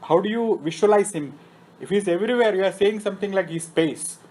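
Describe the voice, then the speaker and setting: A high, slightly mellow male voice moves along fairly quickly on a low-quality recording. Lecturing on Vedic scripture in a temple meeting room, he chants Sanskrit terms, unpacks their meaning, and frequently answers his own questions.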